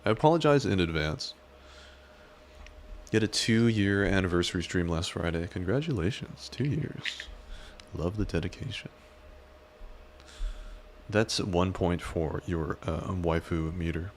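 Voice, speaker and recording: A man with a very deep voice chats through a stream and reacts to clips. He teases in a crude, mock-menacing way. A faint hiss sits under his voice. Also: unhurried, pauses often.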